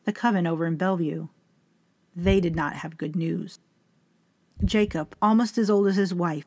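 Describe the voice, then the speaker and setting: A woman narrating a first-person story in a measured, even way. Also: on the low side, dry recording.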